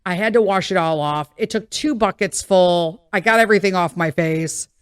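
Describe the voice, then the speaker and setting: A middle-aged woman tells a story on her podcast in a loose, chatty way, full of fillers and quick asides. Her voice sits fairly low for a woman, and the recording is dry and close with no room sound. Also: clear, resonant tone, dry recording. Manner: animated, acts out quoted voices, many fillers. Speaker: podcast host. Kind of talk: casual storytelling monologue.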